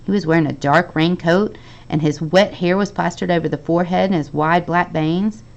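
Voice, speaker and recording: A woman teacher reading a children's novel aloud to her class, expressive and lively, with the dialogue acted out. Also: lowish voice, normal speed, gravelly, lo-fi sound.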